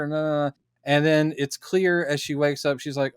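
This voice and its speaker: A man's voice: fairly high pitch, normal speed, clean tone, dry recording, clean studio sound. A man, a podcast co-host, chatting casually as he recaps a film and acts out the characters' lines in funny voices.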